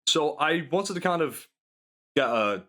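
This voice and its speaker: A man's voice: on the high side, lively intonation, a little slow, pushed and bright. Rambling male podcast host. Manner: rambling, many fillers, laughs often. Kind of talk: casual chat.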